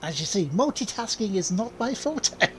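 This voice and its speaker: A man's voice: sits high, sing-song, moderate pace, slight background noise. A man streaming a racing game who makes jokes while he drives. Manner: joking, distracted while driving. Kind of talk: casual live-stream chat.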